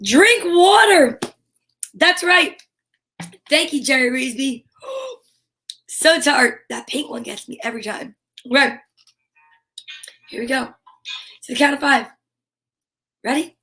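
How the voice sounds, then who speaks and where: Bubbly high-voiced woman hosting. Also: very animated, takes it slowly, long pauses, pushed and bright. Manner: bubbly, exclamatory, with gasps and whispers. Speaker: storytime host. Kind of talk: cheerful live-stream chat.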